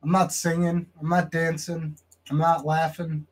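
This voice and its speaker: A husky-voiced man talks as a pro wrestler in a long wrestling promo. He is brash and boastful, pushing hard and turning intense when he makes his points. His voice sits a touch high for a man. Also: monotone, a little slow, poor audio.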